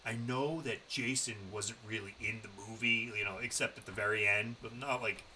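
Low-voiced, bright-toned man telling a story. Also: steady tone, normal speed, a little hiss or hum, rough recording. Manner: loose, profane storytelling. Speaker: podcast co-host. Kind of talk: casual chat.

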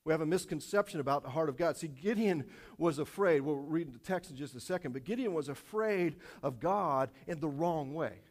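A man preaching a sermon to his congregation, animated and repetitive, dropping light self-aware jokes along the way. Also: on the high side, fairly quick. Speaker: pastor.

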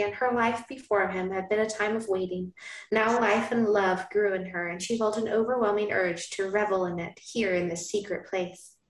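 A woman hosting a podcast, reading a romance novel aloud in a hushed, dramatic cadence. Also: medium pitch. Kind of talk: dramatic reading with joking asides. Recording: roomy, echoey room.

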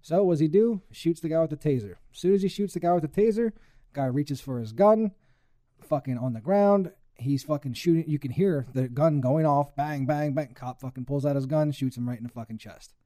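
A man's voice: a little high, brisk, mellow, no room sound, studio quality. A young man ranting heatedly with lots of swearing in a casual chat.

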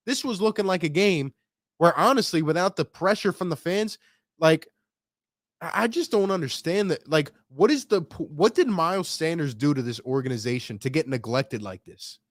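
Here a sports fan streamer, a young man with a fairly high, expressive voice, delivers an angry post-game rant at normal speed. He keeps firing rhetorical questions at his stream chat after his team lost, and the recording is dry and studio quality.

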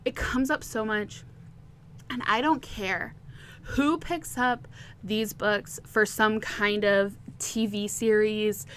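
A woman's voice: medium pitch, steady tone, slow, a bit bright, a little hiss or hum. A woman hosting a podcast, recapping a romance novel chapter by chapter in a chatty, candid way, laughing now and then. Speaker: podcast host. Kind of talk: casual book recap.

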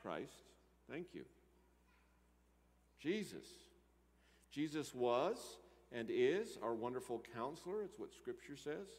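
A man preaching a sermon, moving between loud emphatic lines and quiet asides. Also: medium pitch, big pitch swings, takes it slowly, long pauses. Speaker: pastor. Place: church sanctuary. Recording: church hall reverb.

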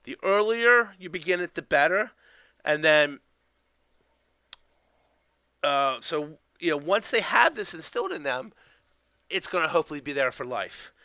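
Bright, crisp-voiced man teaching dog training. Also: on the high side, lively intonation, measured pace, pauses often, dry recording. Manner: keeps tagging sentences with "okay?"; loose, conversational, with fillers and restarts. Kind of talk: instructional talk.

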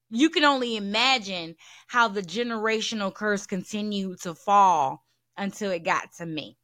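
Blunt, profane woman podcaster with a bright edge. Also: mid-range voice, moderate pace. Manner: blunt and profane, talks frankly; emphatic, repeats points for stress. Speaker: podcast host. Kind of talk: candid solo podcast monologue.

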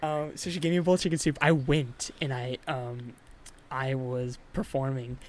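A man's voice: medium pitch, flat delivery, moderate pace, a little hiss or hum. A young man hosting a casual podcast from his bedroom, telling a rambling story with laughs. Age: young adult. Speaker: podcast host. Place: bedroom at home.

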